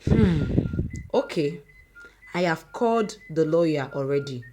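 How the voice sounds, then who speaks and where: A steady, unshaken mother-in-law, voiced by a woman storyteller. She speaks slowly and firmly and makes cool threats without raising her voice. This is a storybook figure who stays in control. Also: low-pitched, slight background noise. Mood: calm, firm. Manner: calm, measured, firm warnings. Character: calm, firm middle-aged mother-in-law.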